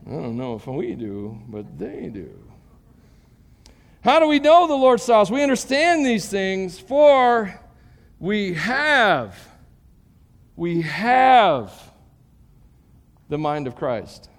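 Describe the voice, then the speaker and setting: A high-voiced man preaching a sermon, his voice ringing out in a large hall with a long echo. He talks with lively emphasis that climbs to strong peaks, then drops into joking asides to the congregation. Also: takes it slowly, long pauses. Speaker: pastor.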